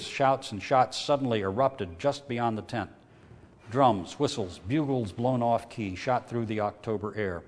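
A man reading a novel aloud in a measured, steady way, lifting his voice when characters shout. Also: medium pitch, long reverb tail. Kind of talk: audiobook reading.

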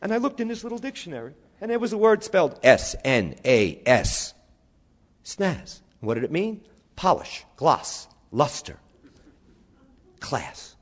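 A man with a New York accent telling animated stories to an audience, spelling out words and acting out his family's voices. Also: fairly high pitch, measured pace. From New York, USA. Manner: lively, spells words out, acts out relatives' voices. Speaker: storyteller speaking to an audience. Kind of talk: animated storytelling talk.

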